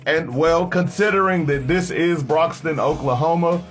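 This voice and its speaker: A man's voice: fairly high pitch, normal speed, hardly any pauses, a bit bright, soft background music. Casual, slangy man recapping a story. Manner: slangy, joking, conversational. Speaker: comic recap narrator.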